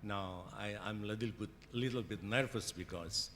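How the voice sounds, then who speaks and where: A man's voice: on the low side, moderate pace, fairly bright tone, slight background noise. A man with an Indonesian accent giving a conference lecture, hesitant with many fillers and restarts. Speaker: conference keynote speaker. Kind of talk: academic lecture. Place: conference hall. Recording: hall reverb with faint ambience.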